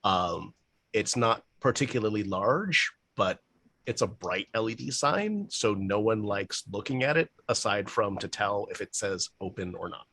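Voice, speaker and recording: A man's voice: on the low side, animated, unhurried, pushed and bright. A man running a tabletop game as game master, casual and swearing freely.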